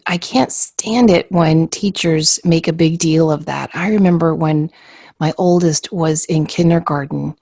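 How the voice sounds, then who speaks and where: A woman's voice: deep voice, gravelly, no echo, studio quality. A middle-aged woman co-hosting a podcast, telling a story from her family life and acting out the voices of others. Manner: storytelling, animated when quoting others. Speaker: podcast co-host. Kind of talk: conversational podcast chat.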